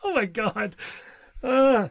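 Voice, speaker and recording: A man's voice: very high-pitched, animated, slow pace, vocal fry, a bit bright, no room sound. A man co-hosting a music show, chatting casually and jokingly about songs and laughing often. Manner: playful, jokey, laughs often. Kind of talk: casual music review chat.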